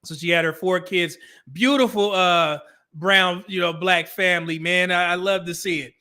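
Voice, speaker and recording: Laid-back chatty man, bright high voice. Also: fairly even intonation, moderate pace. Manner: laid-back, chatty, laughs often, uses slang. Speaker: livestream host reading chat. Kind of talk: casual livestream chat.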